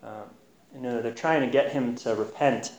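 A man's voice: mid-range voice, normal speed, a little mellow. A man giving an informal Bible teaching in an earnest, conversational way, pressing hard on key points. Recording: roomy echo.

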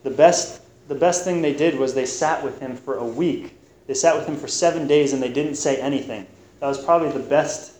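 A man preaching a sermon on scripture in an earnest, halting way, often restarting his words. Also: medium pitch, a little mellow. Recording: roomy echo with faint background noise.

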